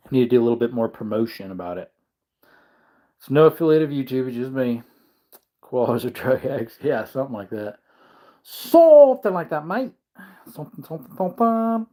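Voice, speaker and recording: Tired male livestream host at mid pitch, yawning, loose and rambling as he reads the chat. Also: mellow. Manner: rambling, chuckling, musing aloud. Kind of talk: casual live chat, reading comments.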